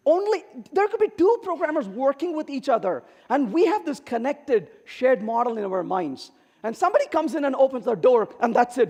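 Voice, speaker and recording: A middle-aged man giving a humorous conference keynote, telling stories and acting out the lines of the people in them. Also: extremely high pitch. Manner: animated, acts out quoted dialogue. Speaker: keynote speaker. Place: large conference hall. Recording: reverberant hall.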